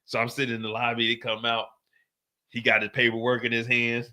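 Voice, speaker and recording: Animated middle-aged man, sharp bright voice. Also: medium pitch, brisk. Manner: animated, profane, acts out quotes in a raised voice. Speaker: streamer host. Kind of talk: casual storytelling.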